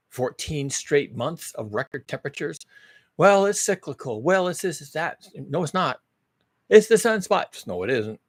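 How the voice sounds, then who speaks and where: A man's voice: mid-range voice, fairly bright tone, no room sound, clean studio sound. A man hosting his own channel, talking through big questions in a rambling, emphatic monologue full of rhetorical questions. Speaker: host. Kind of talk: casual monologue.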